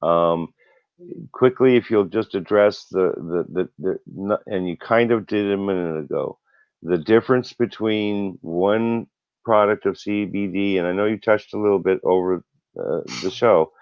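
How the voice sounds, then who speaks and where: A man co-hosting a health talk show, chatting with easy amusement and chuckling often. His voice sits low, and it comes through dull and dry, with little room sound. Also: unhurried, clear, resonant tone, no echo. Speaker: co-host. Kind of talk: casual talk show chat.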